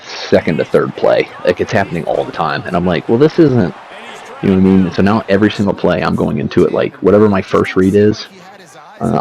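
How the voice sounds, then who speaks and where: A man's voice: deep voice, creaky, a little mellow. A man giving casual, rambling commentary over his gameplay, talking in loose slang and swearing freely. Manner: rambling, profane, laid-back slang. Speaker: gaming video creator. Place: seated at home setup. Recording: slightly dull lo-fi mic.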